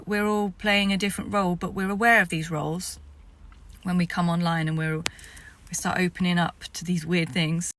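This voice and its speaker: A woman's voice: mid-range voice, fairly bright tone. A woman, a spiritual vlogger, telling the story of a vision in a rambling way that sometimes drops to a whisper.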